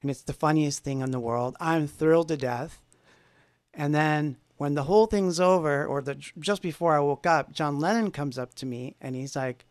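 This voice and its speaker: A man's voice: a little high, normal speed, no echo. A man hosting a livestream from his home music studio, telling a rambling story in a casual, self-deprecating way with many fillers.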